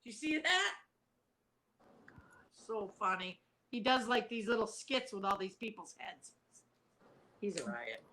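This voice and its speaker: A woman's voice: medium pitch, very animated, a little slow, pauses often, bright, forceful tone, slight background noise, low-quality recording. A woman hosting a casual live stream, talking in a bubbly way, swearing casually and laughing often. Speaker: host.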